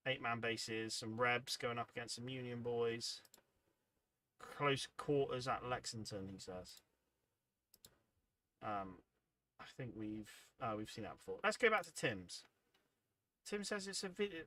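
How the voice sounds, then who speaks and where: A man's voice: mid-range voice, bright, forceful tone. A man hosting a hobby livestream, chatting casually and reading out viewer comments, rambling and self-deprecating, sounding tired and yawning. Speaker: livestream host.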